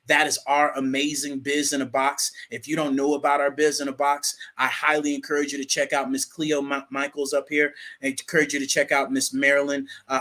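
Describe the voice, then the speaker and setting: Bright, bouncy man telling a work story. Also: on the high side. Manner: animated, folksy, restarts and repeats words. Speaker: co-host. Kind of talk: casual storytelling monologue.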